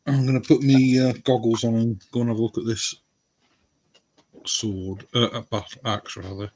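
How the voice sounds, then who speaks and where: A man's voice: medium pitch, flat delivery, moderate pace, a little mellow, a little hiss or hum. A man from England chatting in an easygoing, friendly way. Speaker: co-host. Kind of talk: casual chat.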